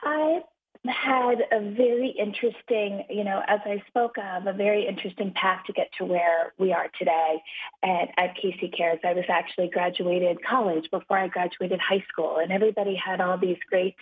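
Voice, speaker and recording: A woman's voice: medium pitch, fairly even intonation, normal speed. A woman who founded a children's charity, a guest telling stories in an earnest, upbeat way. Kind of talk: interview conversation. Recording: phone-line audio.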